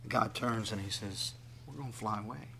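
A man preaching a sermon, swinging from soft asides to loud, dramatic bursts and acting out quoted voices. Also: on the low side, normal speed, gravelly, slight background noise. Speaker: pastor.

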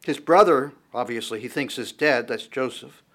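A man's voice: mid-range voice, normal speed, a bit bright. A man preaching a sermon, reading verses aloud and explaining them in a conversational, searching way, his voice rising on the quoted lines. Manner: reads verses aloud then comments in a conversational tone, with restarts.

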